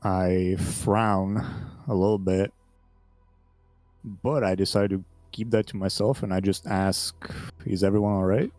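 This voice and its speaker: Dark-voiced man playing a tabletop game. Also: low voice, steady tone, takes it slowly, no echo, faint music behind. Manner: casual, speaking as his character. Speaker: player.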